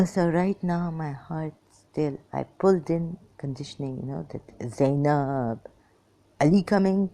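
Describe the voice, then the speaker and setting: A worn-out woman talks slowly in a rambling personal monologue, her speech breaking into halting fragments. Her voice sits very low and dark, with a gravelly fry. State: very tired and weak. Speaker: vlogger.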